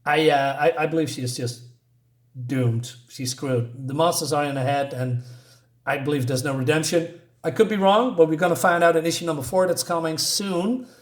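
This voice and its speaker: A man gives a casual comic book review, searching for words with frequent hesitations. His voice is mid-high for a man. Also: normal speed. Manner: hesitant, many fillers and restarts.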